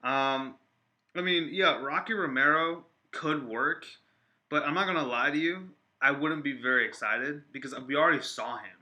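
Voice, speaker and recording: A man chatting casually on a live stream, rambling with many fillers and restarts and getting excited. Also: fairly high pitch, moderate pace. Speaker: wrestling vlogger reacting to viewer comments.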